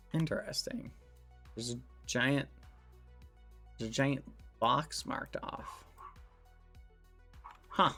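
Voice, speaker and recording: A man's voice: medium pitch, fairly bright tone. Chatty man streamer telling stories. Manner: rambling storyteller, many fillers. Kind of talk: casual gameplay stream chat. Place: home room.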